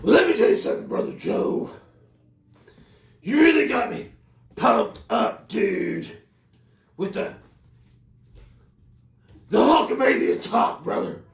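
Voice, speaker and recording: Dad playing a hollering pumped-up wrestler, gravelly and very high, slow drawl, calls everyone brother. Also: male voice, very animated, reverberant, distant mic, exaggerated voice. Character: loud pumped-up male wrestler impression, mustached.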